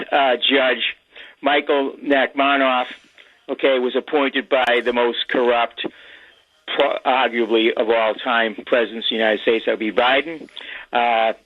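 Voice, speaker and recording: A man's voice: medium pitch, no echo. Man calling in over a tinny phone line. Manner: rambling, filler-heavy, sarcastic asides. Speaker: caller. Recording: phone-line call-in audio.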